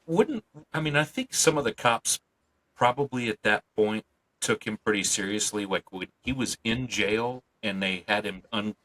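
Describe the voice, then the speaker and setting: A man co-hosting a movie podcast in a laid-back way, with casual swearing and short agreeing replies. His voice is fairly low, with a bright, forceful edge. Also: expressive, moderate pace, poor audio. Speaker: podcast co-host. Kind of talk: casual movie review chat.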